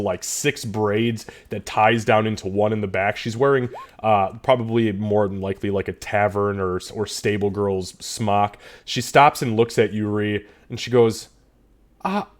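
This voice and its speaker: A man narrating a tabletop game as game master, loose and descriptive with many fillers. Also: on the low side.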